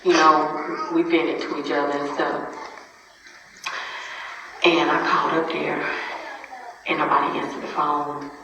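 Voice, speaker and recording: A grieving mother in her forties giving a halting, repetitive account in a church, acting out the dialogue of the people she talked to. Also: sits low, flat delivery, gravelly, noisy background. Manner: halting, repeats herself, speaks out quoted dialogue. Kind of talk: emotional spoken testimony. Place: church hall. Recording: echoey hall, distant, dull sound.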